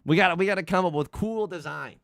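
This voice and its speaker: A man's voice: high-pitched, fast talker, creaky, fairly bright tone, no room sound, clean studio sound. A young man streaming a tile game, joking casually and chatting with his viewers. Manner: playful, jokey, chatting with viewers. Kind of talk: casual livestream commentary while playing.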